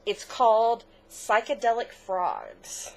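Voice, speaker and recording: A woman's voice: fairly high pitch, sing-song, slow, a little mellow. A middle-aged woman co-hosting a crafts podcast in casual chat, gushing, chatty and easily moved. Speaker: podcast co-host.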